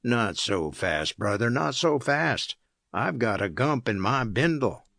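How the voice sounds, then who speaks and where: A man's voice: medium pitch, big pitch swings, slow pace, gravelly, sharp tone, dry recording, studio quality, heavily acted. A man voicing a self-assured male tramp cook who gives curt, superior orders. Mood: commanding.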